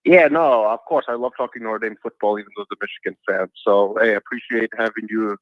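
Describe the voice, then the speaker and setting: Low-voiced male caller on a dull line. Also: fast talker, no room sound. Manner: relaxed, hedging, filler-heavy talk. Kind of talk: casual call-in chat. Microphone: phone call. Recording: dull phone-line call.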